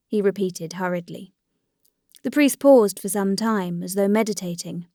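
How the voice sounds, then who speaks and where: This is scripted audiobook narration of a classic novel by a woman with a medium-pitched voice. She reads in a measured, even way, and the recording is dry with clean studio sound.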